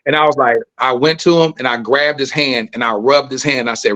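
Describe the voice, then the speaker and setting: A man's voice: mid-range voice, brisk, hardly any pauses, a bit bright, low-quality recording. Earnest preacherly man telling stories. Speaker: podcast host and filmmaker as guest. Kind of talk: candid interview conversation.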